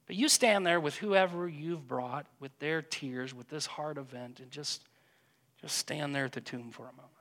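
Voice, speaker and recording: Man guiding prayer in a reverberant church. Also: medium pitch. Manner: gentle, hesitant, repeats words. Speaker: pastor. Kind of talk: guided prayer meditation. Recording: long reverb of a church hall.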